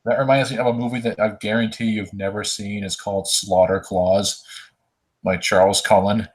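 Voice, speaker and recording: A man's voice: fairly low pitch, level tone, moderate pace, low-quality recording. A man co-hosting a podcast, blunt and scornful in casual chat. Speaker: podcast co-host.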